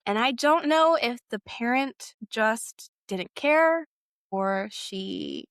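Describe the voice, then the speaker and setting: A woman's voice: fairly high pitch, big pitch swings, takes it slowly, fairly bright tone, no room sound, studio quality. A young adult woman sharing a personal story in a candid, hesitant way, with frequent fillers and self-corrections.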